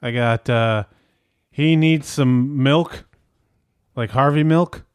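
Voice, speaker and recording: A man's voice: medium pitch, slow, clean tone, no echo. A man co-hosting a podcast, chiming in with short agreeing replies and crude jokes. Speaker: podcast co-host. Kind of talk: casual comedic banter.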